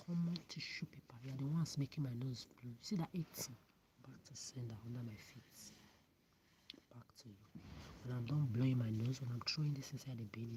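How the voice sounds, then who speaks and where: A man, ranting bitterly at the camera and often dropping into a hissed whisper. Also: medium pitch. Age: 30s. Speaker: vlogger. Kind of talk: angry monologue to camera. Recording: steady background noise.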